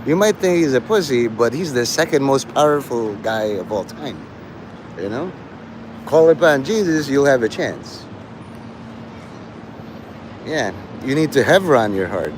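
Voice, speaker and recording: A man's voice: medium pitch, animated, measured pace, long pauses, noisy background. A man rambling through a profane live-stream monologue, jumping from topic to topic. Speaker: livestreamer.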